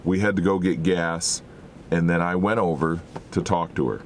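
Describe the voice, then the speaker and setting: A man's voice: deep voice, fairly even intonation, moderate pace, slight background noise. A man preaching a sermon in an earnest, exhorting way, full of rhetorical questions.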